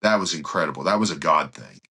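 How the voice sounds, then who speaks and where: Pastor guy with a real low voice, earnest and animated, telling a story on a talk show. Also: fast talker, slightly rough. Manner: animated, acts out others' speech while retelling; earnest, some restarts. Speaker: pastor, guest. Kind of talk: storytelling in conversation.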